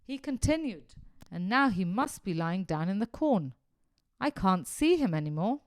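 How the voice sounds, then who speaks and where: A man's voice: high-pitched, normal speed, smooth, dry recording, clean studio sound. Woman doing an eager young boy. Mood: excited. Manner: excited, breathless commentary. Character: eager schoolboy, brave and gentle.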